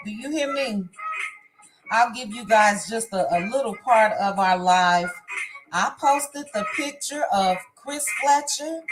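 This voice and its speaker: Woman livestream host, slightly high voice, slow and easy delivery, music bed underneath. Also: poor audio. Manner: reads viewer comments and greets viewers by name. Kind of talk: casual livestream chat. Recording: music playing behind the voice.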